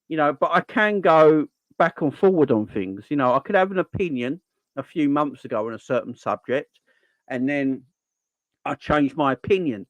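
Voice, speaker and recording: A man's voice: fairly high pitch, expressive, normal speed, no echo, muffled recording. A man hosting a football channel's live stream Q&A, chatting casually and earnestly, repeating phrases for emphasis as he makes his points.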